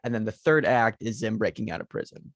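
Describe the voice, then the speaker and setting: A man's voice: fairly low pitch, lively intonation, fairly quick, a bit bright, no echo, clean studio sound. A man co-hosting a podcast in casual movie chat, rambling through ideas with lots of fillers. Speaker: podcast co-host.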